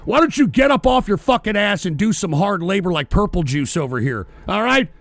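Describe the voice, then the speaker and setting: A man with a high, gravelly voice rants into a close mic on his own stream, swearing constantly and snapping at donors between points. His voice jumps into shouts and then drops low and muttering. The sound is dry, with no room around it. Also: very animated, fairly quick, no room sound. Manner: profane, ranting, frequently shouting. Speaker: livestream host. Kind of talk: angry political rant, reading donations.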